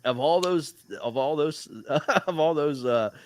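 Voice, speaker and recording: A man hosting a casual live stream, upbeat and quick to laugh, trailing into repeated filler words. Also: fairly high pitch, clear, resonant tone. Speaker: host, league commissioner.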